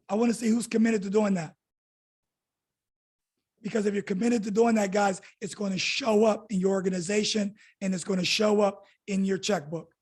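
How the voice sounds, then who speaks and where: Raspy hoarse guy on a video call hyping up his team, higher voice, keeps saying guys. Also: a little mellow. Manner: pushy pep talk, calls listeners guys. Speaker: team leader. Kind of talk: motivational video call talk.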